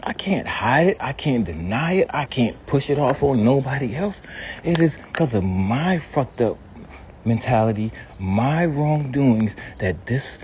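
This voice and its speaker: A man praying aloud to his ancestors, telling stories bluntly and candidly with constant swearing and sudden rises in pitch and loudness. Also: unhurried, slight background noise. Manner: blunt, heavy swearing, storytelling; animated shifts in pitch and loudness. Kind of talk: candid spoken prayer to ancestors. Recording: dull lo-fi sound with faint ambience.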